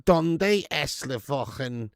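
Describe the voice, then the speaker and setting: A man putting on the voice of a brash Cuban Scouser joker, mixing Spanish words into a mock Scouse accent with a slow, swearing drawl. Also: on the high side, lively intonation, no room sound, clean studio sound. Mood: cheeky. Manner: drawling, swearing, slowed-down delivery.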